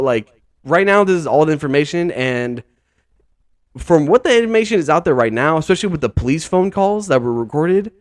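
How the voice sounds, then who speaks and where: A man's voice: medium pitch, no echo, clean studio sound. Rambling, exasperated man on a podcast. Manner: rambling, heavy use of "like", "dude" and "bro"; incredulous, exasperated. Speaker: podcast host. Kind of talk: casual podcast commentary.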